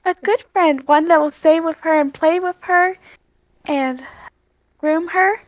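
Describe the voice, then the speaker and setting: A woman player in a tabletop game, speaking gently and coaxingly in character. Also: extremely high pitch, a little slow, no echo. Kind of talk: tabletop role-play.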